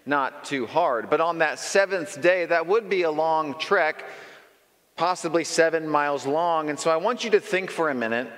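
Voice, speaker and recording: A man's voice: fairly high pitch, moderate pace. Man preaching in an echoing hall. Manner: lively storytelling, conversational with asides. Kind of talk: sermon. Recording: long reverb in a large hall.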